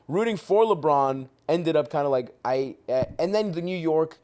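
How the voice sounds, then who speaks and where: A man in his thirties from Baltimore hosting a podcast in a studio, talking in rapid, profane, animated rants. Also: a little high, clear, resonant tone. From Baltimore, USA. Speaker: podcast host. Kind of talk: casual chat.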